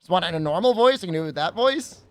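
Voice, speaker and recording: A man's voice: high voice, animated, very fast. A young adult man streaming a video game, chatting casually and joking back at his chat. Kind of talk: casual chat while gaming.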